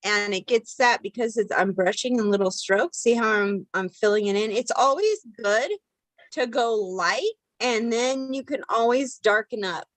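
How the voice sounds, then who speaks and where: A woman's voice: on the high side, normal speed, no room sound, rough recording. A woman hosting a casual makeup demonstration, talking in a chatty, rambling way with many fillers and restarts. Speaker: makeup tutorial host.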